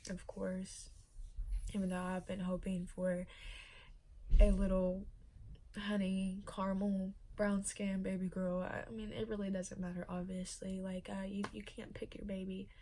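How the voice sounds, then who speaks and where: A young pregnant woman talks in a casual, chatty vlog, full of fillers and easily moved to emotion. Her pitch sits in the middle and her delivery stays fairly flat in melody. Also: unhurried. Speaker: vlogger.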